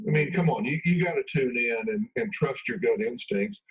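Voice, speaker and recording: A man's voice: mid-range voice, expressive, moderate pace. A man speaking as an expert guest in a radio interview, emphatic and conversational, acting out quoted lines. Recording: dull radio broadcast from far off.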